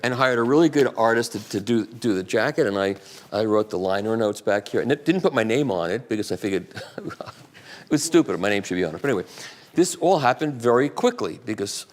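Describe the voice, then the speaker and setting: An older man speaking live to an audience, answering questions with rambling, animated anecdotes. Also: lowish voice, brisk.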